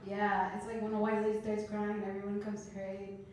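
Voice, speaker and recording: A woman in her thirties from Canada doing a stand-up comedy set, telling stories with deadpan, dark punchlines. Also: mid-range voice, quick pace, a little hiss or hum. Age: 30s. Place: comedy club stage. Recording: echoey club room heard from a distance.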